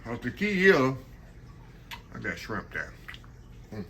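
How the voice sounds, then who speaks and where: Older man cooking, talking bright and folksy. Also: mid-range voice, wildly swooping pitch, takes it slowly, vocal fry, a little hiss or hum. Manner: folksy, talks to viewers as y'all. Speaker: home cooking channel host. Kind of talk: casual cooking demonstration. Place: home kitchen.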